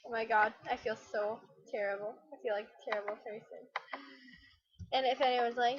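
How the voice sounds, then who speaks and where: A chatty woman with a high, light voice talks loosely through her gameplay and wanders from thought to thought with self-deprecating asides. The audio is slightly muffled and lo-fi. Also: steady tone, moderate pace, breathy edge. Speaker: let's play gamer. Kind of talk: casual gameplay commentary.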